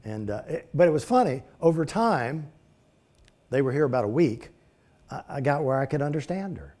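A man teaching a class, reading from his notes and then breaking into relaxed, folksy asides. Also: medium pitch, moderate pace. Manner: reads text aloud, then breaks into folksy conversational asides.

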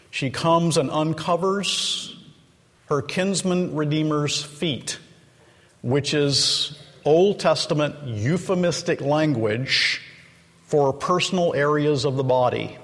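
A man preaching a sermon, retelling the story slowly and dramatically and acting out the quoted lines. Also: fairly high pitch. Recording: long hall reverb.

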